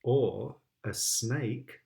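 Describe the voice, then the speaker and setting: A man's voice: medium pitch, drawn-out words, gravelly, dark tone. A British man, a father, reading picture books aloud to his child, playful and sing-song, with sound effects.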